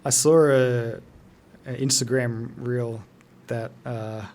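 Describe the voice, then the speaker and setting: A man's voice: medium pitch, steady tone, slow, a little mellow. A man in his thirties chatting casually while streaming a game, loose and joking, answering his chat. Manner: loose, joking, sweary, talks to chat between game moments.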